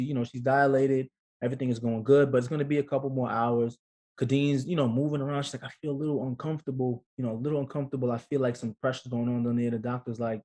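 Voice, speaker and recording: A man in his thirties, a guest on an interview, telling a personal story casually and acting out the voices of the people in it. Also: medium pitch. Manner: animated storyteller, acts out quotes. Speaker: guest, actor and father.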